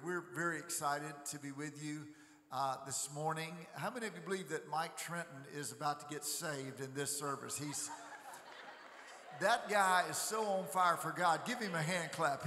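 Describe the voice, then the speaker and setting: Bright-voiced preacher in a big hall. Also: male voice, on the high side, moderate pace, slight background noise. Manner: jovial storytelling, asks crowd to respond. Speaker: guest preacher. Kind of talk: sermon. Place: large church sanctuary. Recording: echoey church hall reverb.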